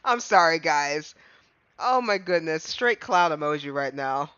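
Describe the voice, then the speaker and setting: A man streaming a game live, giggly and excitable, reading dialogue and laughing often, on muffled stream audio. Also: on the high side, measured pace, clean tone, no echo.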